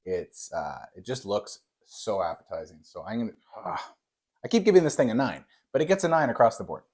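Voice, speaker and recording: A man's voice: on the low side, sing-song, fairly quick, a little mellow, husky. A young man, playfully judging baked goods on camera in a mock-serious way, with lots of fillers. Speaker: taste-test judge. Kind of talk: casual on-camera food review.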